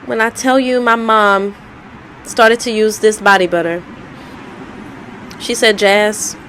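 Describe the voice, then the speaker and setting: A woman's voice: fairly high pitch, slow, fairly bright tone, slight background noise, low-quality recording. A woman telling her life story in a candid, conversational way, often repeating herself. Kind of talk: personal storytelling vlog.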